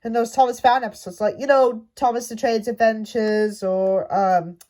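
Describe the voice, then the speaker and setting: A woman's voice: on the high side, steady tone, normal speed, dark tone. A woman ranting casually about a show, stumbling through many restarts. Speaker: fan commentator. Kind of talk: casual rant to camera.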